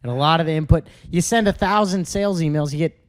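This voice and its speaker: A man's voice: fairly high pitch, quick pace. A man co-hosting a casual podcast chat from an apartment, telling stories with a lot of laughter. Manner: laughing, animated storytelling. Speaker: podcast co-host. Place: apartment room.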